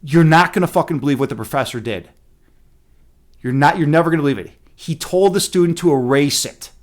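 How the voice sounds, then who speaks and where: A man with a slightly high voice tells a story in a loose, rambling rant. He swears freely, restarts his sentences and fills them with "right?" and "like", and he sounds animated throughout. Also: brisk. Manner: profane, animated, many fillers and restarts. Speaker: streamer.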